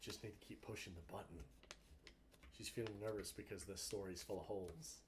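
A man playing a tabletop role-playing game, arguing his case briskly. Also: lowish voice, steady tone, noisy background. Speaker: player. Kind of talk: in-character tabletop banter.

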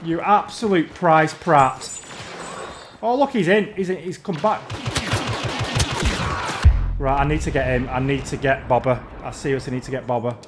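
A man's voice: mid-range voice, steady tone, moderate pace, long pauses, noisy background. A man ranting in exasperation while commentating his own gameplay. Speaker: gamer.

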